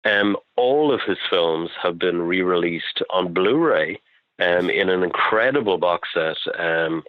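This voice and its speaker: A man's voice: sits low, a little slow, no echo. An Irish man, a film-maker guest in an interview, telling long, enthusiastic anecdotes. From Ireland. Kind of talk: interview storytelling. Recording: dry tinny phone line.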